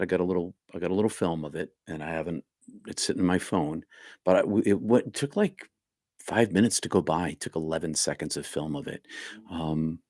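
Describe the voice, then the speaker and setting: A man with a deep, low voice talks in a casual, rambling way, pausing and restarting as he reflects on spiritual ideas. He sounds close and dry, with no room around him. He reads out viewer comments and answers them. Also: dry recording. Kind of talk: casual live-stream talk.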